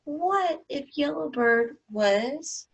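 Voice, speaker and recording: Woman, music teacher, children's lesson, very high voice, very slow unhurried delivery, sung phrases. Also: expressive. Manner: gentle and questioning, sings short phrases and chants rhythm syllables slowly. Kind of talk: children's music lesson, singing and chanting rhythms.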